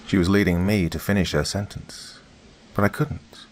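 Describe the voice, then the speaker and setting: A man reading a first-person horror story in a steady, grave tone. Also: sits low, normal speed. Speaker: narrator. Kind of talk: scripted horror narration.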